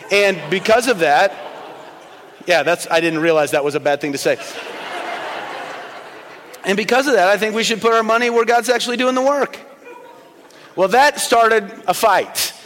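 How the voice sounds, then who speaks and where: Preaching from the pulpit, a middle-aged pastor shares personal stories in a fairly high voice, moving from soft, unhurried lines to forceful, loud emphasis. The church hall's long reverb trails his words, with slight background noise present.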